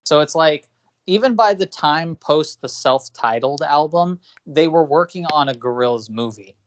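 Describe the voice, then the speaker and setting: A man's voice: a little high, expressive, moderate pace. A man co-hosting a podcast in casual discussion, talking at length with many fillers and restarts. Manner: rambling, filler-heavy, frequent restarts. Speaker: podcast co-host.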